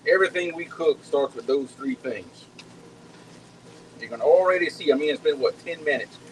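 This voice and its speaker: Hosting a live cooking stream from home, a man chats casually with viewers in a folksy, talkative way, often repeating words. His voice is fairly high and his pace moderate, on a low-quality recording with a little hiss or hum.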